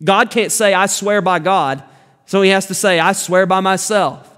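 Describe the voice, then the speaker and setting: A man's voice: high-pitched, moderate pace, fairly bright tone. A man preaching a sermon, emphatic, repeating his key phrases for weight. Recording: long reverb of a large hall.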